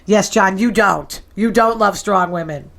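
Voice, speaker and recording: A woman hosting a show in casual chat, sassy and quick to tease. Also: mid-range voice, creaky, fairly bright tone. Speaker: show host.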